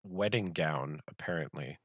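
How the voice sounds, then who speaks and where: A man's voice: rumbling low, unhurried. A man running an online tabletop game as game master, teasing his players and laughing often.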